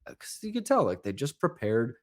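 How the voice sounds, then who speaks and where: A man who coaches accents, chatting as a podcast guest and telling lively, animated stories. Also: medium pitch, normal speed. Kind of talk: casual podcast chat.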